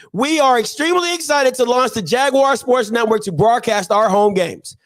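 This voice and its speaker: Man host, very high voice, loose rhetorical riffing, computer mic. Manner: repeats himself, drawn-out rhetorical questions. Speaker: show host. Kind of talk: casual live-stream commentary.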